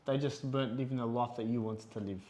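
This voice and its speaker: A man's voice: medium pitch, quick pace. A man co-hosting a casual podcast chat, telling stories animatedly and acting out quotes. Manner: animated storyteller, acts out quotes. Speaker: podcast co-host.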